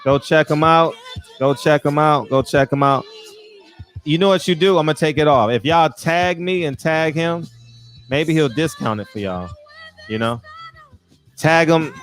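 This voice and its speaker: A man's voice: a little high, a little slow, pauses often, fairly bright tone, soft background music. A man hosting a casual livestream, chatting animatedly, laughing often and reading out viewer comments. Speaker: livestream host.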